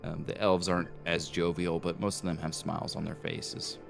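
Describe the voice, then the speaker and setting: A man's voice: sits low, normal speed, gravelly, faint music behind. A man narrating a tabletop fantasy game as game master, rambling with fillers. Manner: relaxed, rambling, with many fillers.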